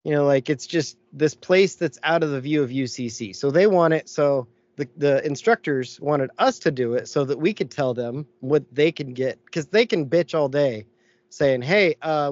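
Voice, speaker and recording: A man telling a story in casual podcast chat, animated and full of swearing and laughs. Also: fairly high pitch, highs cut off. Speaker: podcast co-host.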